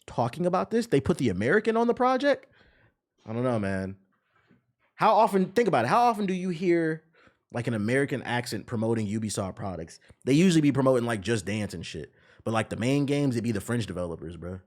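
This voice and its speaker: A male streamer gives a casual reaction commentary, blunt and profane. His pitch swings up and down constantly as he gets worked up. He sounds excitable, jumping between complaints and jokes. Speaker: streamer and host.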